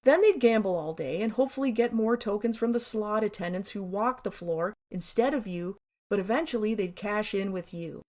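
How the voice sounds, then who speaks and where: A woman's voice: mid-range voice, normal speed, few pauses, a little mellow. A woman narrating her own memoir in a wry, candid, sarcastic way, with casual swearing.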